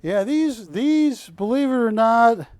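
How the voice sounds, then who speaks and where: A man's voice: very high-pitched, lively intonation, takes it slowly, a little mellow, smooth, no echo. A man hosting a live shopping-channel auction, bantering and calling out bids in a studio. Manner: jokey, chatty, calls bids and counts them down. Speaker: auction host.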